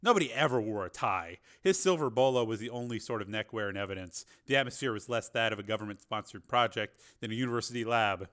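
A man's voice: fairly low pitch, fast, few pauses. Man narrating an audiobook. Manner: steady reading with occasional fillers and restarts.

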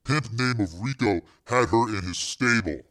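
A man's voice: medium pitch, normal speed, fairly bright tone, lightly acted. A man reading a crime novel aloud, voicing a menacing hitman with clipped street slang. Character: tough, menacing male hitman named Ice.

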